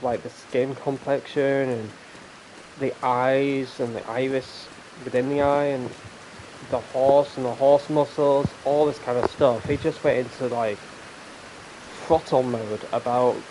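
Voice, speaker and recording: Male gaming host, casual commentary, rambling, ranty, swears a lot, mid-pitched voice. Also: fairly even intonation, measured pace, background noise. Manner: rambling, ranting, swears freely.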